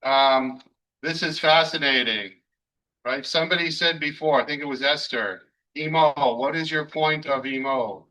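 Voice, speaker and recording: Male rabbi, bright tone, relaxed classroom teacher taking questions. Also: fairly high pitch, moderate pace, low-quality recording. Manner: conversational, hesitant fillers, takes questions from students. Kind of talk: classroom Torah lesson.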